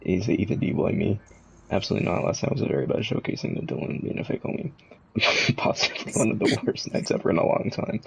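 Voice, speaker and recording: A man hosting a casual stream chat with friends, slangy and quick to laugh. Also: low voice, animated, creaky. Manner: laughing often, slangy, trails off in restarts. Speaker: streamer host. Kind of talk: casual group chat reacting to posts. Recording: dull lo-fi mic with faint noise.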